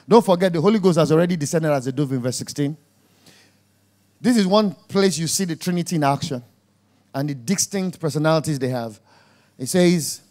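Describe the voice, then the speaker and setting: A man preaching a sermon, emphatic and jabbing, dropping to quiet asides and rising to loud exclamations. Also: fairly high pitch, moderate pace, long pauses.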